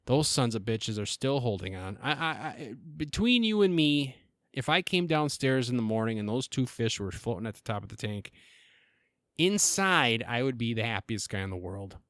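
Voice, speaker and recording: A man talks alone into a close mic for his podcast, wandering from tangent to tangent with crude jokes and stumbling restarts. His voice sits at an ordinary pitch for a man and sounds dry, with no room around it. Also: big pitch swings, moderate pace, fairly bright tone, no echo. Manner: rambling, self-interrupting, profane and joking. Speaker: podcast host. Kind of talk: casual solo podcast monologue.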